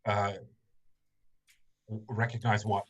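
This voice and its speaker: A man narrating a tabletop game as game master, pausing often with ums and restarts. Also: lowish voice, flat delivery, fairly bright tone, poor audio. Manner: hesitant, many ums and restarts.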